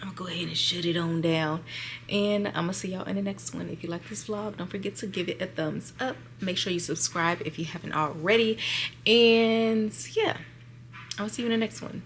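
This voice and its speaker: A woman's voice: mid-range voice, normal speed, a little hiss or hum. A young woman chatting casually to her camera at home, rambling and talking to viewers as y'all. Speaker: vlogger.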